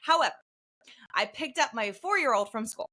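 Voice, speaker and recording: A woman in her thirties chats casually as a podcast co-host. Her voice is bright and a touch high. She tells stories with animated, acted-out quotes. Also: normal speed. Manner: animated storytelling, acts out quotes. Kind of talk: casual chat.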